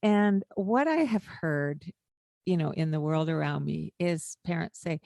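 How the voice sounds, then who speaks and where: Gentle, reflective older woman. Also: sits low, measured pace, creaky, no room sound, studio quality. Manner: gentle and reflective, with hesitant fillers. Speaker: podcast co-host. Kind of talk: casual conversation.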